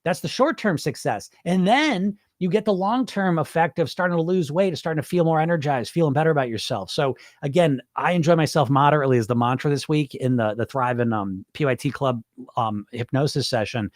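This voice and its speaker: A man's voice: fairly high pitch, a little fast, no room sound, studio quality. A man hosting a live stream as a hypnotherapist, chatting casually with viewers and swearing freely. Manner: informal and chatty, with frequent swearing and laughs.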